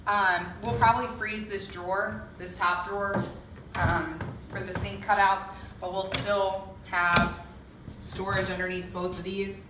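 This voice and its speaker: A young woman giving a casual walkthrough of her home renovation, chatty and filling pauses with lots of ums. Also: mid-range voice, level tone, background noise. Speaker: homeowner giving a renovation tour. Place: empty house under renovation, indoors. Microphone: camera mic held by another person. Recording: echoey bare room, voice off-mic.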